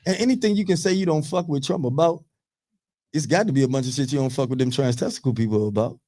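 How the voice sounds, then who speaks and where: A man in his thirties on a radio talk show, telling profane, animated stories in casual chat. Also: medium pitch, quick pace.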